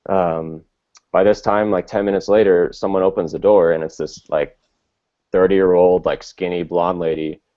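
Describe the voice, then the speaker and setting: Young man, casual storyteller, very deep voice, rambling and profane, dull lo-fi audio. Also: fairly even intonation, moderate pace, warm tone. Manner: rambling, lots of filler words and swearing. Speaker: co-host telling a story.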